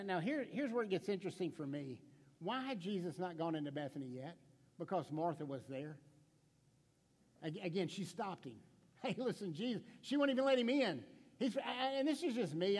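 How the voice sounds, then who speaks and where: A man preaching a sermon as pastor, passionate and conversational, often dropping to a hushed tone and asking the congregation direct questions. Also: a little high, big-room sound.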